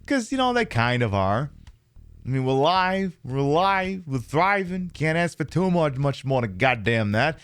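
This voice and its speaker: A man's voice: on the high side, big pitch swings, unhurried, fairly bright tone, smooth, no room sound, clean studio sound. A man live-streaming a shooter game, chatting and joking while he swears at the enemies. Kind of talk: live-streamed gameplay chat.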